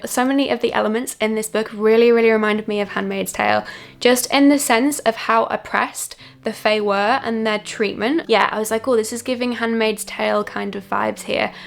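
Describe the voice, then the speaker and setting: Gushing woman book vlogger, gravelly. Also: a little high. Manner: gushing, chatty, repeats words for emphasis. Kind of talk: casual monthly book review. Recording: light background music.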